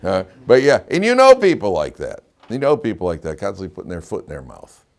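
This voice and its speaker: A man's voice: on the low side, wildly swooping pitch, brisk, vocal fry. A man, a rabbi teaching a Torah class, who tells jokes and anecdotes and often repeats his phrases. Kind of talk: classroom lecture.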